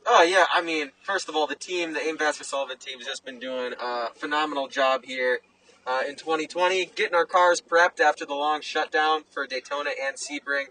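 A man's voice: fairly high pitch, brisk, pushed and bright, recorded from a distance, slight background noise, poor audio. A young man, a race car driver, answering interview questions in an easygoing way with many fillers. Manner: easygoing, lots of "uh" and "you know". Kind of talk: casual interview.

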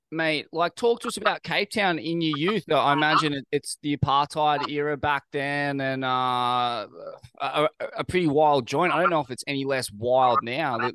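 A man's voice: medium pitch, pushed and bright, clear, resonant tone, dry recording. A man hosting a casual interview who talks with loose enthusiasm and searches for his words. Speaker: podcast host.

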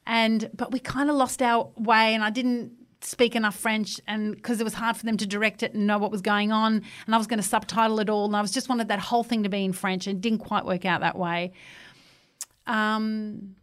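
A woman's voice: mid-range voice, level tone, brisk, fairly bright tone. A middle-aged Australian woman, a TV host and improv performer, chatting casually as an interview guest and telling stories with playful quoted voices.

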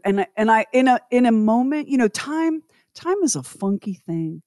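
Expressive woman telling a story. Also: on the high side, moderate pace, few pauses, no room sound, clean studio sound. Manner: expressive, emphatic, swings to loud indignation. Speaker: guest storyteller. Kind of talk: animated personal storytelling.

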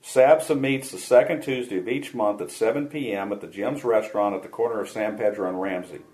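A man's voice: on the low side, a little mellow, poor audio. Man hosting a scripted radio show. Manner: measured, reading aloud.

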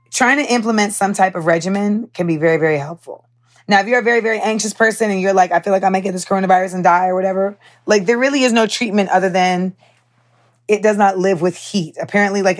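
A young woman hosts her podcast in casual chat. She talks candidly and with animation, full of fillers and the odd curse. Her voice sits at an ordinary middle pitch. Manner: candid, animated storytelling with profanity and many fillers. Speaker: podcast host.

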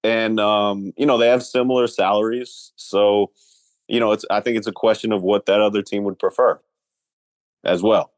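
A man analysing basketball trades in a casual talk show, measured and weighing each side. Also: lowish voice, steady tone, no room sound. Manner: measured, weighing options, with restarts.

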